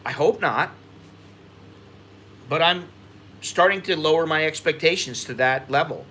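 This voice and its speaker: American guy, vlog host, bright forward tone, rambling, frustrated, faint background noise. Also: fairly high pitch, measured pace. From United States. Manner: rambling, frustrated, repeats himself. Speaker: expat vlogger. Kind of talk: livestream chat reading viewer comments.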